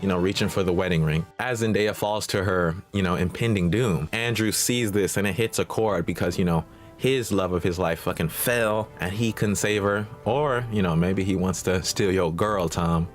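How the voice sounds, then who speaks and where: Recapping a movie for his reaction channel, a man with a low-sitting voice keeps a moderate pace, his delivery casual, slangy, and full of profane streetwise banter. Soft music plays in the background.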